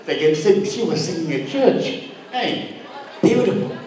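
A middle-aged man from Tonga, an uncle giving a humorous storytelling speech at a birthday party, teasing and joking with sudden high swoops in pitch. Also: expressive, measured pace, darkish tone, a little hiss or hum. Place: party hall. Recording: very echoey hall, distant mic.

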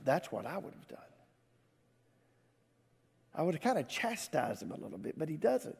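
A pastor delivers a conversational sermon in a high, light voice. He talks with his congregation and asks them questions. A long reverb trails his words from a church livestream. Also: big pitch swings, moderate pace, vocal fry, long pauses, breathy edge. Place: church sanctuary.

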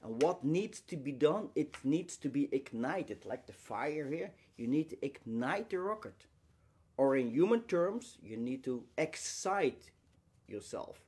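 A man's voice: on the high side, sing-song, mellow, husky. Man giving an emphatic inspirational lecture. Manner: emphatic, rhetorical questions, repeats phrases; pauses between short phrases.

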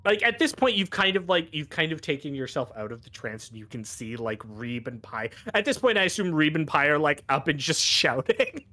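Higher-voiced male game master. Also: very animated, brisk, few pauses, sharp tone. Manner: rambling, filler-heavy, descriptive. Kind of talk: improvised tabletop narration.

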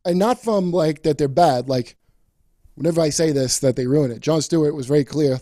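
A man's voice: a little high, normal speed, mellow, no echo, clean studio sound. A man hosting a podcast in casual chat, ranting his opinions with plenty of swearing. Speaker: podcast host, comedian.

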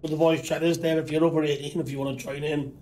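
A man with a Geordie accent hosting a casual game commentary, his voice croaky from flu, talking in a relaxed, rambling way with many ums. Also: a little high, fast talker. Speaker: gaming channel host.

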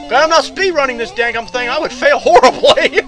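A gaming commentator talking casually through retro games, excitable, yelping, laughing and cursing mildly at each mistake. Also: sits high. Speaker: gameplay commentator. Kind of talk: casual let's-play commentary. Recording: game music playing behind.

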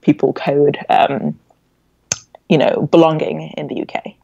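A woman in her twenties with an English accent, raised in England after a Nigerian birth, telling stories as a podcast guest in an animated, reflective way. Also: deep voice, unhurried, gravelly, husky, no echo. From born in Nigeria, raised in England. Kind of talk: casual interview chat. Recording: dull, dry lo-fi audio.

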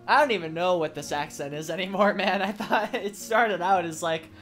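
A man's voice: high voice, normal speed, a bit bright, faint music behind. A young man giving casual gameplay commentary as a let's play host, rambling and joking, swearing and laughing often.

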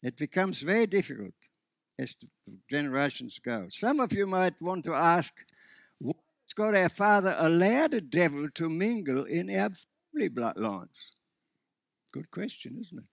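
Male pastor, gravelly, earnest sermon delivery, restarts mid-sentence. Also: fairly high pitch, sing-song, moderate pace, no room sound, studio quality. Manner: earnest preaching with frequent restarts. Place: church.

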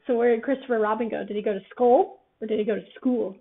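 Woman reading a kids story, gentle, slightly high voice, tinny phone-like sound. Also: steady tone, quick pace, few pauses. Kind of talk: storybook read-aloud.

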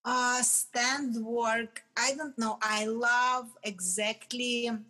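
Woman in lively chat. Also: a little high, takes it slowly. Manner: animated, restarts often, laughs between phrases. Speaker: guest, retired fitness champion. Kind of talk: casual interview chat.

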